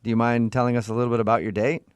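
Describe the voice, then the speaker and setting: A man's voice: medium pitch, level tone, very fast, clear, resonant tone, dry recording. Teasing male radio host. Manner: probing, teasing questions. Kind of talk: radio show chat.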